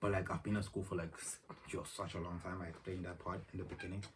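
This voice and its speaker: Deep-voiced young man rambling a story. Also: little pitch movement, fast talker. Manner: rambling, slangy, retells exchanges in dialogue. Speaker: vlogger. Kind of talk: casual vlog storytelling. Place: room at home. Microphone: phone camera. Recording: distant phone mic, faint noise.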